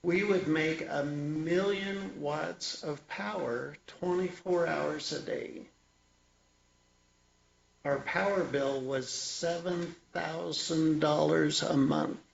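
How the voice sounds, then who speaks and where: Guy with a gravelly, slightly high voice, slow reflective storytelling, sounds a bit dull and lo-fi. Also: slight background noise. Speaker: author and energy worker sharing his story. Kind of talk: personal storytelling talk.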